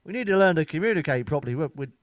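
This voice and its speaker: A man's voice: on the high side, lively intonation, rapid-fire, no room sound. A middle-aged man telling crude, bawdy comic stories as a comedian. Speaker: stand-up comedian. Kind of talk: comic storytelling.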